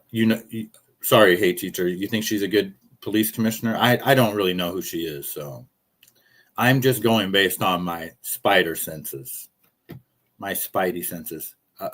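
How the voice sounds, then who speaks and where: A man's voice: lowish voice, a bit bright. A man rambling through casual live-stream commentary, jokey and profane, telling stories.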